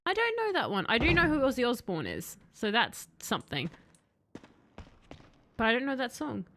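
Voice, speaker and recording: Bright-voiced playful female game streamer. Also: fairly high pitch, moderate pace. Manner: playful, chatty, bursts into excited shouting. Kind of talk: live game commentary. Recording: faint background noise.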